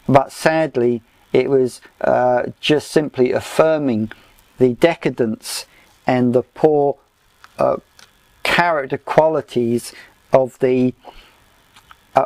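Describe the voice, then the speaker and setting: A man teaching a recorded Bible study lesson in a measured, deliberate way, with frequent pauses and fillers. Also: medium pitch, no echo.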